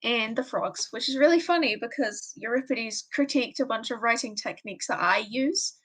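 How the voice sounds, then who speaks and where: A woman's voice: on the high side, normal speed, fairly bright tone, husky, rough recording. A woman in the cast, chatting in a bubbly, joking way after the show. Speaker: cast member. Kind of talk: casual chat.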